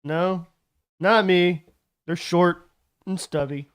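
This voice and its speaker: A man speaks as a player in a tabletop game, crude and rambling, with plenty of swearing. His voice is high and he talks slowly. The sound is dry. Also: fairly even intonation, clear, resonant tone, no room sound. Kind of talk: in-character tabletop chat.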